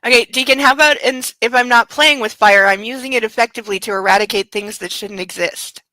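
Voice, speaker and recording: A woman reads a book aloud in a high, bright voice and keeps stopping for casual, sarcastic remarks. The recording is dry and close. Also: fairly quick, no echo, low-quality recording. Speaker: book club host reading aloud. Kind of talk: comedic reading with commentary.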